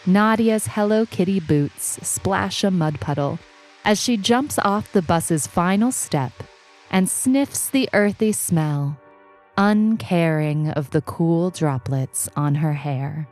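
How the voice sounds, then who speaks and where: Woman narrator for a short fiction reading, slow delivery, lowish voice, soft music underneath. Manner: slow, even storytelling. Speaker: story narrator. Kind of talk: audiobook reading.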